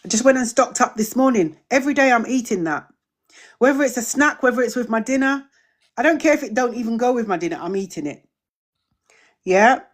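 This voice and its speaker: A woman's voice: a little high, lively intonation, fairly quick. Chatty middle-aged woman hosting a live Q&A. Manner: chatty, repeats phrases, reads out comments and welcomes viewers. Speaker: host of a community drop-in. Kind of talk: live-streamed Q&A chat.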